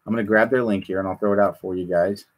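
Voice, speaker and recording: A man hosting a casual chat, rambling and animated, often repeating himself. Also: fairly low pitch, quick pace. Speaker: podcast host.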